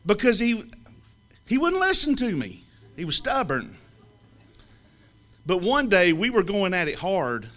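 A man from the American South, telling a humorous story to an audience in a lively, teasing way with comic pauses. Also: sits high. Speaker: speaker telling a story about a friend.

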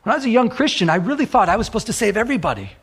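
Husky-voiced pastor preaching a sermon. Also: male voice, high voice, sing-song, racing. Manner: rambling, repeats words and restarts often.

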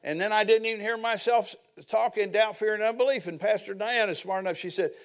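A man's voice: sits high, fast talker. An older man preaching a sermon as pastor, telling personal stories with folksy asides.

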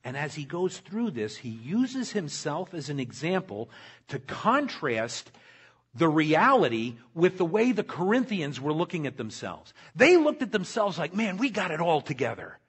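Pastor guy preaching, kinda husky, voice goes all over the place, loud then real quiet, talks right to the crowd. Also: a little high, big pitch swings, a little slow. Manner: swings between loud emphatic lines and soft, quiet ones; talks directly to the congregation. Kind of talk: sermon.

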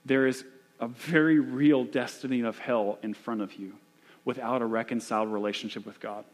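A man preaching a sermon as a pastor in a church, telling stories and building to urgent repeated questions. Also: mid-range voice.

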